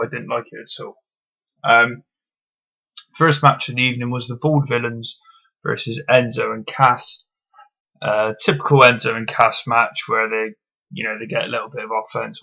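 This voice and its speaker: A man talks through a wrestling show in a blunt, opinionated review, swearing freely and filling pauses with ums. His voice is bright and gravelly with some fry. The recording is dull and lo-fi. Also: medium pitch. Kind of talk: casual solo review.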